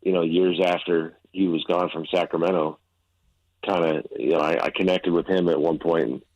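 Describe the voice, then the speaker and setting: A man appearing as a sports reporter guest on a radio show, talking in a relaxed, rambling way and laughing easily, sounding tired. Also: sits low, moderate pace, dry recording, dull audio. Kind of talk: casual radio interview.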